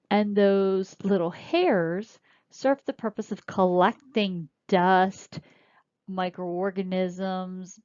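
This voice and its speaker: Woman, lecture teacher, unhurried, spells terms out, dull lo-fi audio. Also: mid-range voice, darkish tone, smooth, no room sound. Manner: slow explanatory, pointing and spelling terms out. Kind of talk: recorded lecture. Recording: dull lo-fi dry recording.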